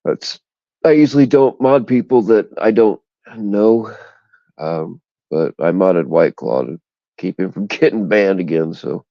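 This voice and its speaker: A man's voice: fairly low pitch, lively intonation, a little slow, no echo, highs cut off. A man hosting a casual livestream chat, talking bluntly and profanely in indignant rants, recorded on a phone. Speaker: livestream host. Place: outdoors in the cold.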